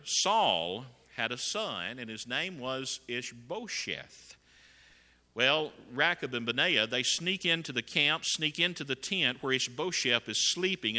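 A man preaching with an emphatic, building delivery. His voice is very bright and sits a little high for a man. It rings out with long reverb, as in a large hall. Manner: emphatic, rising to loud acted quotes. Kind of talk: sermon.

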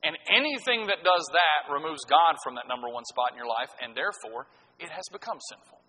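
A middle-aged man preaching a sermon, swinging from loud, punchy lines to hushed ones. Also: a little high, lively intonation, a little fast, breathy edge, long reverb tail, poor audio. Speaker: pastor.

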